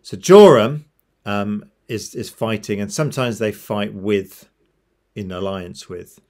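A man's voice: on the low side, takes it slowly, a little mellow. A man retelling a Bible story to a church in a casual, chatty way, with jokey asides and self-corrections.

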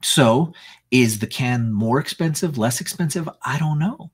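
A man's voice: mid-range voice, measured pace, husky. A man hosting a business show, talking casually with sarcastic asides and frequent "right?" checks while sharing his screen. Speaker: podcast host. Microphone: screen-share recording.

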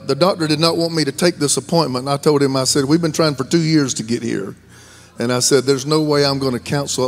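A man in his fifties with a Southern American accent, a guest pastor preaching a sermon in a folksy, joking way that rises to shouted fervor. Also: medium pitch, gravelly, a little hiss or hum. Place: large church sanctuary.

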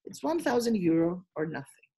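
A woman's voice: lowish voice, sing-song, brisk, mellow, husky, voice pushed down, exaggerated voice. A woman voicing a greedy male boatman who bluntly demands payment in a storytelling game.

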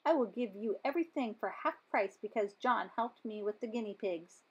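A woman voicing a calm, kind pet-shop owner in a children's storybook. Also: fairly high pitch, normal speed, slightly rough, highs cut off. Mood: firm.

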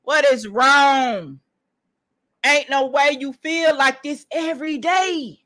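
A woman telling a personal story in an animated, emphatic way, speaking straight to her listeners. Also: sits high, slow. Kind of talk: casual storytelling monologue.

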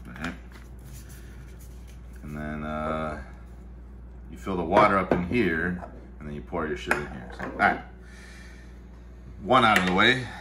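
Background noise accompanies a low-pitched man vlogging from his home kitchen-dining room as he makes coffee. Chatting casually, he rambles, curses and mutters to himself while working.

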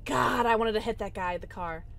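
A woman streamer giving excitable, jokey live gameplay commentary, quick to laugh. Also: mid-range voice, vocal fry.

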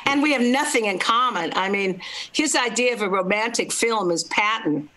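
A woman's voice: medium pitch, normal speed, pushed and bright, low-quality recording. An older woman from Los Angeles, a film critic guest chatting in an interview with playful humor and easy laughs. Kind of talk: casual interview chat.

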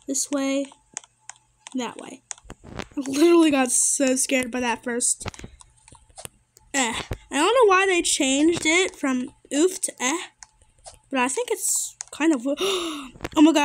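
A woman giving casual gameplay commentary, chatty and excitable and easily startled. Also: sits high, slight background noise. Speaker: gamer.

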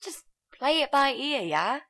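A woman's voice: sits high, big pitch swings, unhurried, fairly bright tone, heavily acted. An actress voicing a pushy young female student in a game, eager and bossy, sweetly fake when she performs. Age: young adult. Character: pushy chirpy young woman student, scheming. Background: game music.

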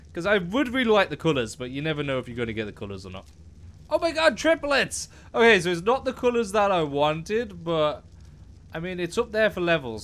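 Excitable young man narrating gameplay. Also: on the high side. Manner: excitable, talks to the animals, exclaims often. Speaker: gaming YouTuber. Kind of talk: let's play commentary.

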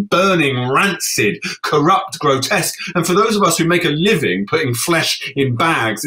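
Man performing a poetic spoken-word monologue. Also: medium pitch. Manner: poetic, shifting from brisk sarcasm to hushed, slow gravity. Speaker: author performing his own text. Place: festival stage, live audience.

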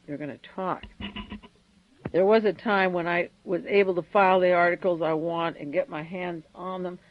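A woman's voice: fairly low pitch, dry recording. Urgent woman on dull archival radio. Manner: urgent, breathless lists of names and events. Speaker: radio host. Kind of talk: solo radio commentary.

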